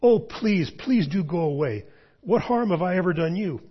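A man voicing a frightened young boy who pleads in a high, panicky voice. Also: expressive, normal speed, breathy edge. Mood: terrified. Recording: dull lo-fi sound.

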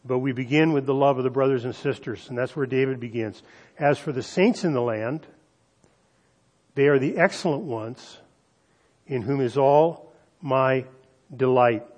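A male pastor delivering a sermon, slowing down to stress key phrases and speaking directly to the congregation. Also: mid-range voice, a little mellow. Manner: emphatic preaching with slowed, stressed phrases and audience asides.

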